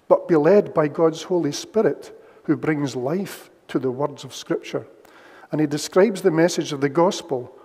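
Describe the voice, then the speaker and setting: A man preaching a sermon in a measured, emphatic way, repeating key phrases for weight. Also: a little high, darkish tone, breathy edge. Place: church livestream. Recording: long church reverb.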